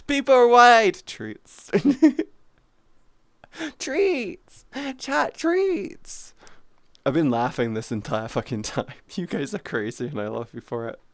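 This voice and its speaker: A woman streaming live, chatting casually with her chat, giggly and playful, sometimes cooing softly in baby-talk. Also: deep voice, very animated, takes it slowly, dry recording, studio quality. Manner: giggly, playful, often laughing.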